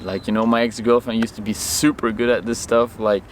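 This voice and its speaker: A man vlogging outdoors, telling a personal story to camera in an animated way and acting out the lines of people in it. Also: fairly low pitch, normal speed, hardly any pauses, a little hiss or hum. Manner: animated, acts out his own and others' lines in the story.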